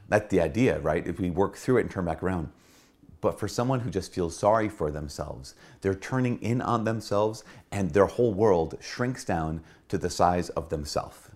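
A middle-aged man, a Catholic priest, giving an earnest spoken reflection and repeating key phrases for emphasis. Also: deep voice. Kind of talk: spoken homily-style reflection.

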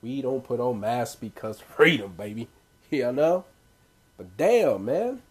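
A man's voice: mid-range voice, expressive, slow pace, husky. A man ranting casually to his viewers, loose and profane, with rambling asides and frequent laughs. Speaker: vlogger. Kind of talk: casual profane rant to camera.

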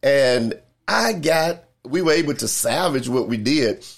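An older man preaching a sermon as pastor, repeating key lines with emphasis and slow, drawn-out pauses. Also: medium pitch, expressive, gravelly.

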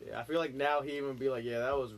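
A man's voice: medium pitch, fairly even intonation, very fast. A young man in his twenties in a casual chat, blunt and profane, sometimes groping for words. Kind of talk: casual chat among friends.

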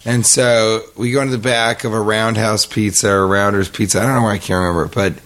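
A middle-aged man hosting a podcast rattles off a rambling, humorous story, his voice lowish and his pace quick. Animated and casual, he voices the quotes himself.

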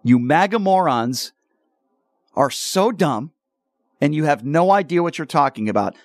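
A man hosting a political talk radio show, speaking combatively and slowing down to stress his points. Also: a little high, sing-song, gravelly, no room sound, clean studio sound. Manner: combative, slows down for emphasis.

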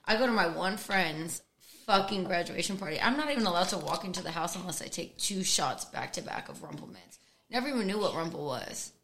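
A woman's voice: lowish voice, lively intonation, a little fast, vocal fry, fairly bright tone. Young woman telling profane party stories. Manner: profane, storytelling, laughing. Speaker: podcast guest. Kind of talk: casual drunken chat.

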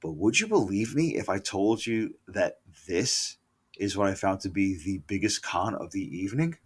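A middle-aged man recalling a concert in a casual, profane and opinionated rant, full of asides, self-corrections and loud outbursts. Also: deep voice, moderate pace, husky. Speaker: concert reviewer. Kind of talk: casual spoken concert recollection.

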